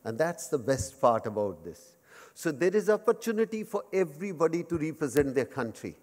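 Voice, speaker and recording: A man's voice: a little high, very animated, fairly quick, darkish tone. A man in his fifties with an Indian accent, giving a humorous lecture in simple English mixed with Hindi and joking about himself. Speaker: guest speaker at a memorial lecture. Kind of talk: humorous speech to a live audience. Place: large lecture hall. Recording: long hall reverb.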